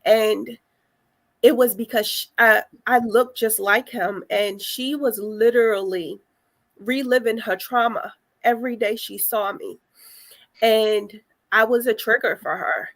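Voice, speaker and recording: A young adult woman telling her story on a panel, soft and hesitant, with frequent pauses. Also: on the high side, steady tone. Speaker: panel guest sharing survivor story. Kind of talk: personal testimony on a panel.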